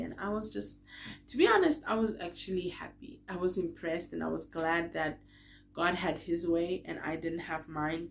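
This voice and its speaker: A woman telling a personal story in a casual vlog, chatty and tired, acting out quoted lines with big swings in loudness. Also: deep voice, vocal fry. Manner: chatty, full of fillers like "like" and "you know". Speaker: vlogger.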